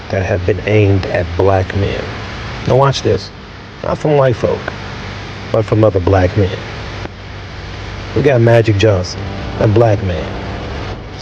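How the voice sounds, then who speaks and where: Man, lowish voice, exasperated ranting commentary, dull lo-fi sound, music bed. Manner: exasperated ranting, repeats himself. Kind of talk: political reaction monologue. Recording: dull lo-fi audio with music underneath.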